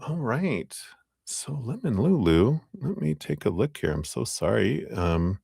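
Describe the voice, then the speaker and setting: Low gravelly guy doing live tarot readings, chatty and apologetic, dry close mic. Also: sing-song, measured pace, a little mellow, no room sound. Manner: apologetic, chatty, laughs often. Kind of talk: casual live-stream chat.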